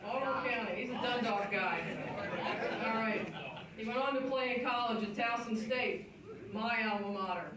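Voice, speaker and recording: A woman's voice: a little high, normal speed, crowd noise. A woman emceeing a hall of fame ceremony, introducing inductees in a casual, joking way. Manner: casual and joking, loose asides. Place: banquet hall. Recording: echoey hall recorded from far off.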